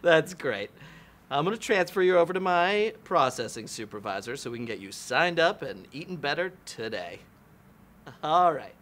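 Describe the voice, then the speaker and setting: A man playing a smooth telemarketer giving chummy sales patter on a call, in a comedy audio drama. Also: on the high side, big pitch swings, moderate pace, fairly bright tone.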